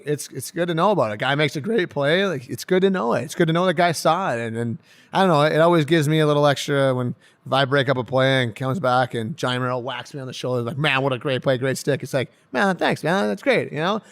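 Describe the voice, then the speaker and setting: A man, a professional hockey player, telling stories in a casual podcast interview, laughing often and getting loud when excited. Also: fairly high pitch, fast talker. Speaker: pro hockey defenseman guest.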